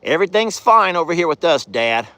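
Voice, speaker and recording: A man's voice: on the high side, big pitch swings, brisk, pushed and bright, no room sound. A man voicing a brave, protective female longhorn cow who talks tough in a folksy way.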